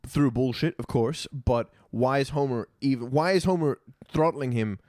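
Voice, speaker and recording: A man on a podcast panel chatting casually about cartoon episodes, quick to agree with others and quoting lines. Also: mid-range voice, darkish tone, no echo, studio quality. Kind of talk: casual chat reviewing episodes.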